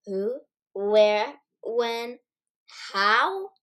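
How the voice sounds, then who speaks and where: Woman doing a friendly confused schoolgirl, kinda high, loud and slow. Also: very animated, smooth, exaggerated voice. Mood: bewildered. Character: friendly bewildered teenage schoolgirl.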